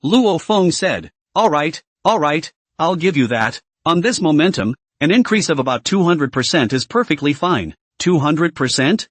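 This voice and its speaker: A man reading a comic story recap, his voice sitting a little high and swinging up and down with lively intonation. He keeps the same narrating voice for every character. The recording is close and dry, with no room sound. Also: moderate pace, hardly any pauses, no room sound. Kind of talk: scripted narration.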